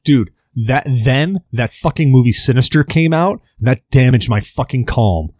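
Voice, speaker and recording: A man's voice: medium pitch, animated, moderate pace, darkish tone, no echo, studio quality. A man in his thirties telling a long anecdote on a podcast, casual and profane, full of fillers and restarts. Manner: rambling, filler-heavy, profane. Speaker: podcast host. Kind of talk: casual storytelling.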